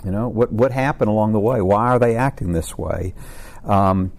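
A man's voice: lowish voice, normal speed, darkish tone. A man, a counselor speaking informally to a support group, rambling and stammering with jokes.

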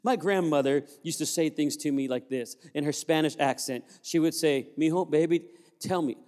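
A male pastor preaching a sermon, telling the story with lively humor and playful asides. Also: a little high, normal speed. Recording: long hall reverb.

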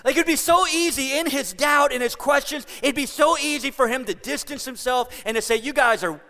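A male pastor gives a sermon in a chatty, animated way, leaning into storytelling. His voice is high and bright, he talks a little fast, and the church hall adds a long, ringing reverb.

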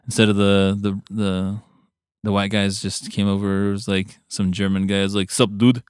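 A man's voice: on the low side, completely flat delivery, normal speed, clean tone, dry recording. A man co-hosting a casual podcast chat in a studio, blunt and jokey, laughing a lot. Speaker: podcast co-host.

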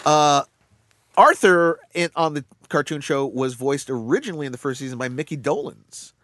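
A man chats casually as a podcast co-host, his voice sitting a little high. He tells stories in animated bursts, full of fillers and restarts. The sound is dry and close to the mic. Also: dry recording. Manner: animated storyteller, quick bursts, drops into low voices for quoted characters. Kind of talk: casual chat.

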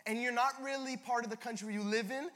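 The speaker is a young Canadian pastor giving a sermon, narrating in a talkative, self-mocking style within a large church hall. He talks fast in a very high, slightly bright voice with fairly even intonation, captured with long hall reverb.

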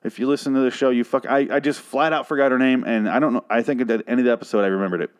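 A man hosting a podcast, recapping a TV episode in a rambling, profane, animated way. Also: mid-range voice, very fast, smooth. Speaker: podcast host.

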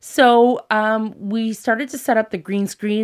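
A woman's voice: medium pitch, unhurried. A woman in her thirties, a former TV presenter, telling a story in casual chat, laughing often and acting out what people said. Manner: animated, laughs often, acts out quotes.

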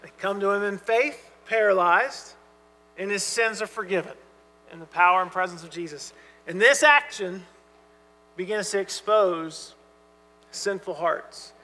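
A man preaching a sermon as pastor, earnest and emphatic, dropping to soft asides when he quotes. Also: sits high, measured pace. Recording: hall reverb with mains hum.

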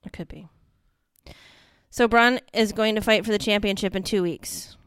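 A woman's voice: medium pitch, moderate pace, a bit bright, clean tone, no echo, clean studio sound. A woman co-hosting a podcast in casual chat, giggly and easily amused. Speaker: podcast co-host.

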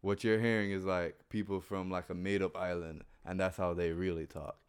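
Laid-back low-voiced man chatting. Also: level tone, normal speed, smooth. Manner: laid-back, brief agreeing interjections. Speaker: podcast co-host. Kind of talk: casual chat.

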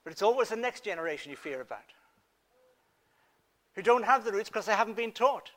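A man preaching a sermon in an earnest manner, dropping to a hush and then rising to emphatic points. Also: high voice, animated, a little fast. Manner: earnest, swings from hushed to emphatic.

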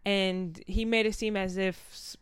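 A woman tells a personal story in a relaxed chat, slipping into the voices of the people in it. Her voice sits at an ordinary middle pitch, and the recording is close and dry, with no room sound. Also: unhurried, clear, resonant tone, no echo. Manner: candid, animated retelling with quoted dialogue.

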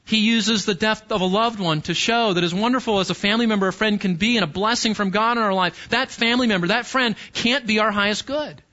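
Man, pastor, sermon, high voice, earnest teaching, slightly muffled recording. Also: a little fast, few pauses, bright, forceful tone. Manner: earnest, explanatory preaching with rhetorical questions.

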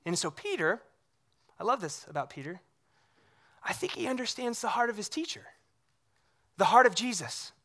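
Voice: medium pitch, very animated, normal speed, long pauses, a bit bright. A pastor preaching a sermon in a conversational way, often checking in with the congregation through rhetorical questions and animatedly retelling scripture scenes.

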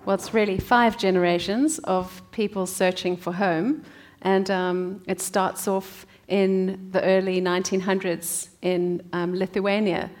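A woman's voice: medium pitch, little pitch movement. Chatty South African-born woman author. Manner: warm storytelling with frequent "um" pauses. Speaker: author and guest. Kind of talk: conversational interview answers.

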